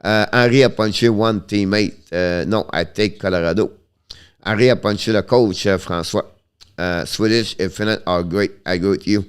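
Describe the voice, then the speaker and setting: Halting French-Canadian man, smooth voice. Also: lowish voice. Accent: Quebec French. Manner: halting, restarts often, switches between English and French. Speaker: hockey commentator hosting a live stream. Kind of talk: casual live-stream chat about hockey, answering viewers.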